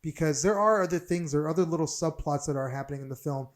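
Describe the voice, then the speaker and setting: Excitable, swearing male podcast host. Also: on the high side, fast talker. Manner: excitable, rambling, swears often. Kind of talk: casual podcast chat.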